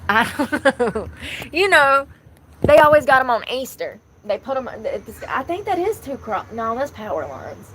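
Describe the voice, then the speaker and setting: A woman's voice: high voice, sing-song, measured pace, fairly bright tone, slight background noise, rough recording. A woman, rambling candidly to her viewers in a casual vlog, talking into the phone in her hand. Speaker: vlogger. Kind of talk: casual chat.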